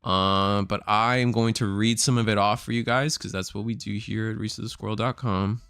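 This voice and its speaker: A man's voice: lowish voice, steady tone, moderate pace, fairly bright tone, clean tone, no room sound. A man chatting casually on a live stream, rambling through announcements and swearing freely, sounding tired and burnt out.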